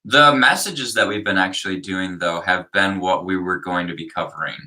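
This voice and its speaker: A young youth pastor with a very low but bright voice chats on a livestream. He talks in an easygoing, rambling way, stretching his thoughts out with fillers. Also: moderate pace, far from the mic. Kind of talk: casual livestream chat.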